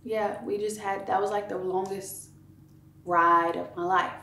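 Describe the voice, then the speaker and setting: A woman earnestly telling the story of her son's accident in an interview, her faith showing, her voice trailing off softly at times. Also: mid-range voice, fairly even intonation, measured pace, roomy sound. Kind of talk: emotional casual storytelling.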